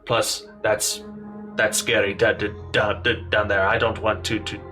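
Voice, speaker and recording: A man's voice: on the low side, little pitch movement, unhurried, sharp tone, soft background music. A man putting on a stammering Irish healer. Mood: nervous. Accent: put-on Irish. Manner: stammering, hesitant. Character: nervous young male healer, bookish brother.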